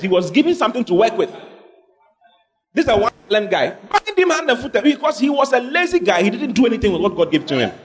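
Animated high-pitched male preacher. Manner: animated preaching, acting out God in a dramatic skit. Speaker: pastor. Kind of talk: sermon. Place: church hall with congregation.

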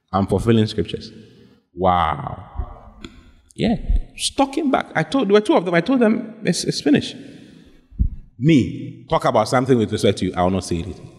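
A male pastor preaching a sermon, telling a story and acting out both sides of the conversations. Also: medium pitch. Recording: echoey hall reverb.

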